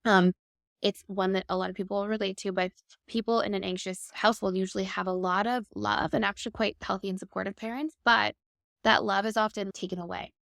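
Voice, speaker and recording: A woman's voice: medium pitch, vocal fry, dry recording, clean studio sound. A woman in her thirties, a guest expert, explaining attachment styles in a fluent, upbeat conversational way.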